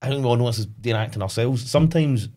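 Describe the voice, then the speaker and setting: A young Scottish man chatting casually as a podcast co-host, rambling and animated, often asking "do you know what I mean". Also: medium pitch, fast. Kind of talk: casual chat.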